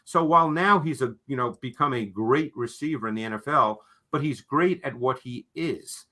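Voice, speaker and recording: A man's voice: mid-range voice, moderate pace, sharp tone. A man co-hosting a football analysis talk, explaining players in an emphatic, explanatory way and often checking in with "okay?". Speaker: football film analyst, co-host. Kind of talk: analytical sports discussion.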